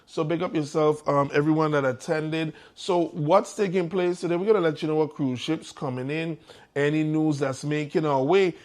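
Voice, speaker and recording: A man's voice: fairly high pitch, moderate pace. Upbeat morning host, man. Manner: energetic, hyping up listeners. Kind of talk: upbeat morning show chat.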